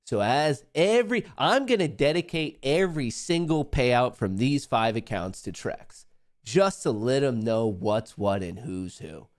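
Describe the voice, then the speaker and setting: A young adult man hosts a live trading stream at a slow, deliberate pace with a middle-range voice. He swears freely and trash-talks his chat, and bursts into loud laughter and shouting when a trade moves his way. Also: medium pitch, no echo, studio quality. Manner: excitable, profane, trash-talking, erupts into yelling and laughter. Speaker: livestream trading host.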